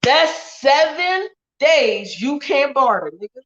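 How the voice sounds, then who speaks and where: A woman on a phone livestream rants bluntly and heatedly, with a somewhat high voice. The sound is dull and lo-fi. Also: very animated, slow. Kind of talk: ranting livestream monologue.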